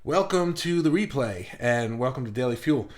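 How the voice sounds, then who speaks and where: A man hosting a casual live stream, talking quickly and a little out of breath, chatting with viewers and reading their comments aloud. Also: mid-range voice, animated. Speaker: host of an online art group livestream.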